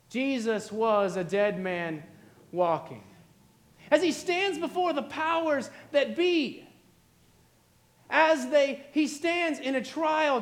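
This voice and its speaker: A man's voice: very high voice, a bit bright. A man preaching a sermon, retelling a story dramatically with repeated refrains. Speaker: pastor.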